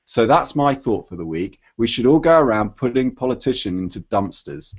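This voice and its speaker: A man's voice: mid-range voice, big pitch swings, moderate pace, hardly any pauses, breathy edge. A man on a podcast panel, chatting casually in a rambling way. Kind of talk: casual chat. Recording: dull lo-fi podcast audio.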